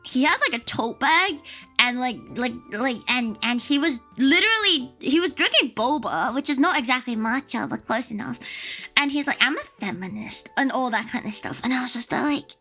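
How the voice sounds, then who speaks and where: A young woman with a high, bright voice chatters through a story on her livestream. Her delivery swoops all over the place and is packed with fillers and exclamations. Soft music plays faintly under her talk. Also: normal speed. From Australia. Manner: animated, exclamatory, many fillers and bursts of laughter. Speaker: livestream host. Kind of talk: casual storytelling chat on a livestream.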